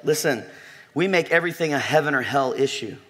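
A man preaching a sermon to a congregation, animated and joking, telling a story and talking directly to his listeners. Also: on the high side, brisk, slight background noise. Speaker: pastor.

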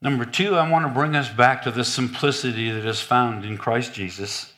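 A man preaching a sermon in an animated, humorous, conversational way. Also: medium pitch, normal speed.

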